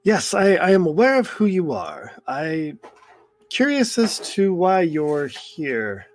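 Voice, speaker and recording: A man voicing a calm, guarded male doctor who speaks in a measured, hushed way in a tabletop game. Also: on the high side, dry recording, full character voice. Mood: wary.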